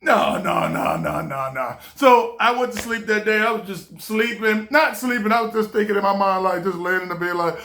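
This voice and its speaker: A young man from a small town telling a story to camera in casual chat, animated and laughing as he acts out the people in it. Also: high voice, brisk, hardly any pauses, a little hiss or hum. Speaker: vlogger.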